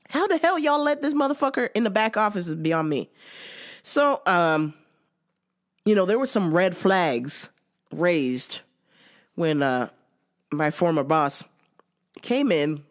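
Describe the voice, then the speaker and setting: A woman hosting a podcast, ranting in a sarcastic, profane way and laughing often. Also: lowish voice. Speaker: podcast host. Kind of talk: casual ranting commentary.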